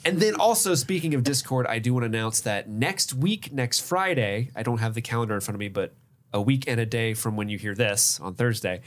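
A man's voice: mid-range voice, animated, a little fast. Chatty male podcast host. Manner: chatty, runs the show announcements. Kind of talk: casual podcast chat and show outro.

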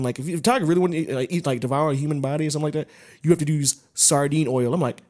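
Fast-talking guy laughing through podcast chat. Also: a little high. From Atlanta area. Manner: laughs often, swears freely, animated storytelling. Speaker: podcast co-host.

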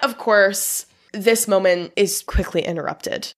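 A woman's voice: mid-range voice, moderate pace. A woman co-hosting a podcast, casually recapping a film from her notes and laughing often. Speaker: podcast co-host.

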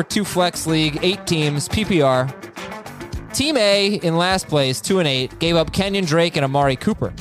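A man hosting a casual podcast, joking and laughing as he reads listener emails aloud. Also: high voice. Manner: animated, joking, laughs while reading. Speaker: podcast host.

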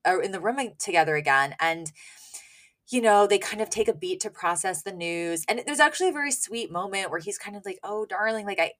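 A woman's voice: medium pitch, animated, a little fast, a bit bright. A woman co-hosting a podcast, chatting casually through an episode recap, laughing often and acting out the characters' lines. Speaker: podcast co-host.

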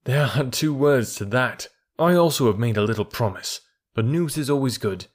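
A man's voice: mid-range voice, expressive, moderate pace, natural voice. A man voicing a proud, thoughtful boy raised by wolves, speaking earnestly in old-fashioned words. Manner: earnest, archaic speech.

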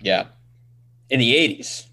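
A man co-hosting a casual podcast chat, teasing his partner with quick asides. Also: medium pitch, animated, sharp tone. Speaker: podcast co-host.

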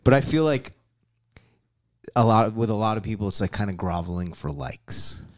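A man's voice: fairly low pitch, expressive, normal speed. A man talking as a guest on a casual podcast, easygoing, rambling and profane. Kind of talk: casual chat.

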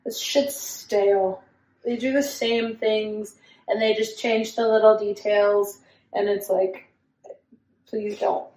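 A young woman co-hosting a podcast in casual chat, talking fast with lots of "like" fillers and mimicking voices in her stories. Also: medium pitch, fairly even intonation, a little mellow, recorded from a distance. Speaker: podcast co-host. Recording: echoey room, a bit off-mic, faint background noise.

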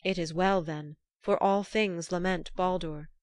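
A woman's voice: on the low side, steady tone, a little slow, no echo, clean studio sound, natural voice. A woman voicing a determined young male messenger rider, speaking earnestly in formal, old-fashioned phrasing. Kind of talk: storybook reading.

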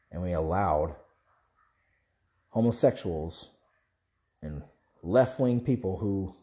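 A young man with a fairly low, warm voice talks straight through a fervent monologue. He preaches and rambles, restarting sentences and firing off rhetorical questions at his listeners. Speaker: Christian online commentator. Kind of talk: impassioned monologue.

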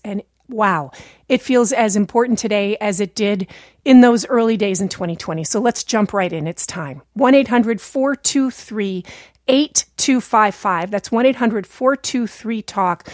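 A woman radio host with a scratchy voice, talking in a brisk, conversational way as she leads a call-in show. The sound is dry and close. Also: medium pitch, a little mellow, dry recording. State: scratchy voice from a recent illness. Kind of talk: public radio talk show hosting. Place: home studio.

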